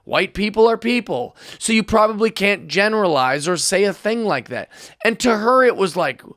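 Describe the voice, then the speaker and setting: A man hosting his podcast, ranting in a comic, sarcastic way and climbing to loud mock outrage. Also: sits high, expressive, moderate pace, dry recording, clean studio sound. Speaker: podcast host. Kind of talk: comedic rant.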